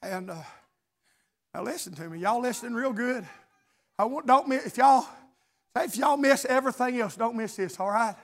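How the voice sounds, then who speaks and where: A man preaching a sermon, swinging between shouted, chanted lines and hushed storytelling. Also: very high voice, moderate pace, pauses often.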